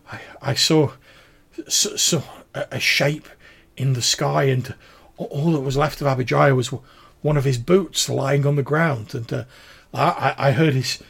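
Guy doing a weepy stammering village lady, high and shaky, husky edge. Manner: stammering, tearful, breathless. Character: grieving middle-aged village woman with a limp.

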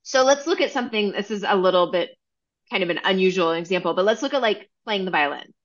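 A woman's voice: medium pitch, animated, fast, lo-fi sound. A woman co-hosting a podcast, asking follow-up questions in casual interview chat. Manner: asks follow-up questions, short affirmations.

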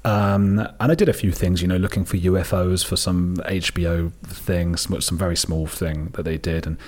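A man's voice: deep voice, fairly even intonation, moderate pace, a little mellow. A man, a documentary filmmaker, talking casually in an interview and telling rambling stories. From United Kingdom. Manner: rambling storyteller, mimics people he quotes. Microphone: close desk microphone.

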